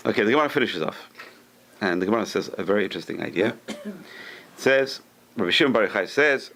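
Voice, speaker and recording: A man, a rabbi teaching a Torah class to a live group, who tells stories in an animated way, acts out the quoted speech with sudden high lifts, and puts questions to the listeners. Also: fast. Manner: talks to the room, asks listeners questions.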